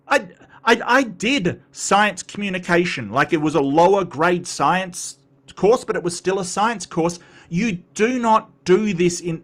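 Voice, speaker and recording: A man's voice: high voice, fairly bright tone. A man hosting a reaction commentary, talking in an exasperated, sarcastic and mocking way. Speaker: commentary host reacting to a video.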